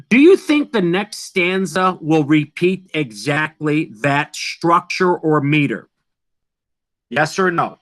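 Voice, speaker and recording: Male teacher, high voice, unhurried delivery, emphatic, questions the class often. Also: expressive, a bit bright. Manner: emphatic, asks students questions. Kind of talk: online class lecture.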